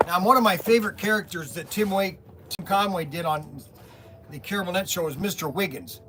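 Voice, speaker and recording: A man hosting a casual livestream from a warehouse workspace, telling rambling, animated stories with lots of jokes. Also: sits high, a little fast, soft background music. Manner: rambling, animated storytelling, joking. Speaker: host of a toy and hobby shop livestream.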